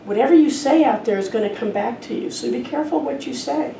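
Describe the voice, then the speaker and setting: A woman doing a calm, gentle father. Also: high-pitched, quick pace, vocal fry, slight background noise, pitched above the performer's own voice. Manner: gentle explaining. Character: calm father teaching his young son. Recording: roomy, distant hall recording.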